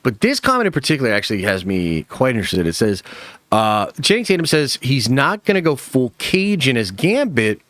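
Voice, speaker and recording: A man's voice: mid-range voice, sing-song, brisk, a bit bright, dry recording. A man hosting a movie news channel, giving casual, profane opinion commentary with lots of fillers.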